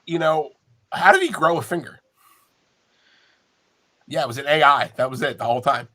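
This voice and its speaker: A man running a tabletop game as game master, playful, with quick asides. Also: a little high, bright, forceful tone.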